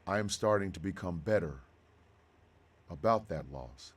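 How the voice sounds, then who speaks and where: A man in his fifties hosting a radio show, talking slowly and with deep feeling about personal loss. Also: slightly rough. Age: 50s. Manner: heartfelt, slow and halting, then bursts of loud excitement. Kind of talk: emotional monologue.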